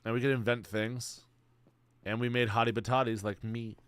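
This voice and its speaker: A young man streaming, chatting casually in a rambling, slang-heavy, excitable way. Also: medium pitch, moderate pace, clear, resonant tone, no room sound. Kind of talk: casual chat.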